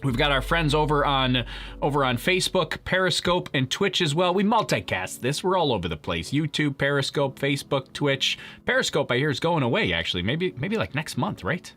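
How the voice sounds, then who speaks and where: A man's voice: a little high, big pitch swings, brisk, fairly bright tone, soft background music. A man hosting a live stream, chatting casually with viewers, joking and laughing often. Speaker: livestream host.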